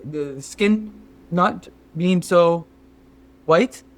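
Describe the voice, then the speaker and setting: A man's voice: fairly high pitch, very slow. A man playing a fawning, scheming Sherpa guide. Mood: mock-concerned. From Canada. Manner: fawning, mock-concerned, keeps saying sir. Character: scheming male Sherpa guide, overly polite. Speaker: podcast co-host. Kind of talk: improvised comedy sketch.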